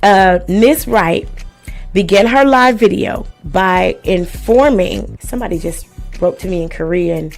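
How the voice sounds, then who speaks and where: A woman's voice: lowish voice, a little slow, vocal fry, faint music behind. A woman hosting a live stream, reading and commenting on a lawsuit in a blunt, profane and sarcastic way.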